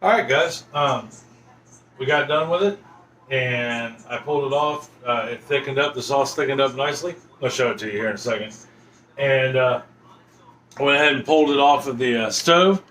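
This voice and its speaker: A man in his thirties talks loosely through a home cooking vlog from his kitchen. His voice is bright and forceful, and he wanders from thought to thought with plenty of ums and uhs. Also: mid-range voice, moderate pace. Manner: rambling, filler-heavy, folksy. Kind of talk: casual cooking vlog chat.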